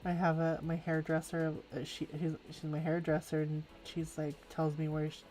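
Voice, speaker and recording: A rambling, laughing woman, chatting on a live stream as she colors. Her voice sits a little lower than most women's. Soft music plays faintly behind her. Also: monotone, moderate pace. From California, USA. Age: 40s. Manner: chatty, rambling, says "like" a lot, laughs often. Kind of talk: casual live-stream chat while drawing.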